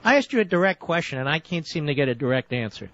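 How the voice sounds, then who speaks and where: A man's voice: a little high, big pitch swings, fast talker, a bit bright. A man hosting a call-in radio show, lecturing a caller insistently and cutting him off to press his point. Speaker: radio talk show host. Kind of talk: combative call-in radio debate. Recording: dull, dry lo-fi radio audio.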